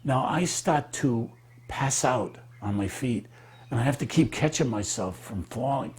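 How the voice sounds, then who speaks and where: A man telling a personal memory in an animated, halting way, with many fillers and restarts. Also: medium pitch, husky. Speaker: devotee recalling memories. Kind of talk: animated storytelling.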